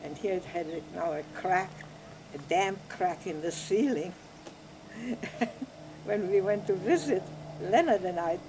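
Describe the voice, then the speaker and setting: An older woman telling her life story in an interview, reflective and unhurried, often laughing softly as she talks. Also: lowish voice, background noise. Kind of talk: oral history recollection.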